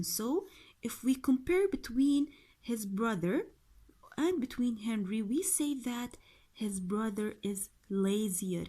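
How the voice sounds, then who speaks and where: A woman's voice: medium pitch, a little mellow. A woman teacher with an Arabic accent going through a grammar workbook, repeating each word and answering her own questions. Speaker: English teacher.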